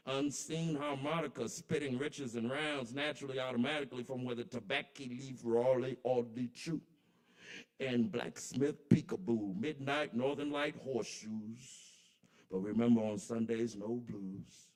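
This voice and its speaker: A man performs spoken word at a kava bar's open mic night in a mid-range voice. He chants the lines rhythmically, his volume swinging from soft to loud.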